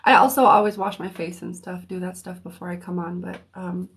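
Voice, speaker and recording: A woman hosting a livestream of free readings in a relaxed, unhurried way, often pausing on "um" as she chats with viewers. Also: lowish voice. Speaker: host and psychic reader. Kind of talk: casual livestream chat.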